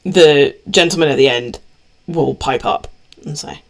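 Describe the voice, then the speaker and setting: Gravelly-voiced woman game master. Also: low voice. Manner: descriptive, deliberate narration. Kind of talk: narrating a tabletop game.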